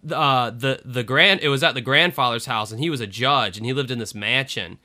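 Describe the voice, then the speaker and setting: A man from the Southern US, co-hosting a casual podcast chat, profane and animated, sometimes mocking a drawl. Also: mid-range voice, a little fast. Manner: profane, animated, mocks a drawl now and then. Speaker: podcast co-host.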